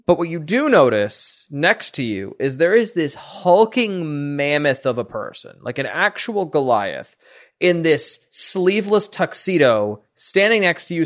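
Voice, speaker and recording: A man running a tabletop game with a slightly raised pitch and a lively, swooping delivery. He paints scenes with drawn-out repetition and asks players for rolls. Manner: animated, dramatic repetition in narration. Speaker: game master.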